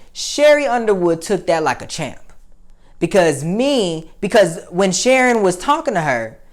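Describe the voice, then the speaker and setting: A young adult woman, hosting a casual opinion commentary, blunt and heated, often profane, with many fillers. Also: mid-range voice. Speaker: commentary show host.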